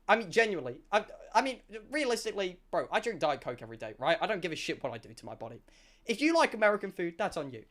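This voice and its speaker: A man's voice: high-pitched, big pitch swings, fast, a bit bright. A man streaming, telling a comic story to his chat, swearing and exaggerating. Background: music.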